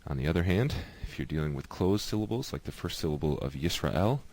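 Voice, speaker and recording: A man giving a patient, explanatory lesson, slowly repeating each example word. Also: a bass voice, animated, a little mellow. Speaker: teacher.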